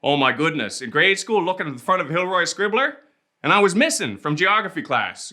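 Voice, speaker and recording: A man's voice: fairly high pitch, very animated, fairly quick, sharp tone. A man with a Prince Edward Island accent, delivering a playful, rhythmic comic spoken-word monologue. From Prince Edward Island, Canada.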